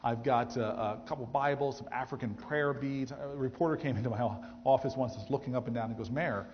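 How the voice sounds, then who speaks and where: A man in his thirties, a mayor, telling a story to an audience in a speech, animated and acting out the people he quotes, with frequent restarts. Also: mid-range voice, brisk. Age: 30s. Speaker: mayor giving a campus speech. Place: large theatre hall. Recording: dull, roomy auditorium recording.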